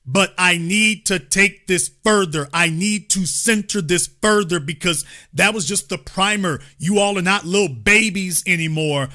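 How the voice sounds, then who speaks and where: Male commentary host, high and very bright voice, emphatic and repetitive delivery. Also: unhurried, few pauses. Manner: emphatic, repeats key points, lectures the audience directly. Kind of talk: political commentary monologue.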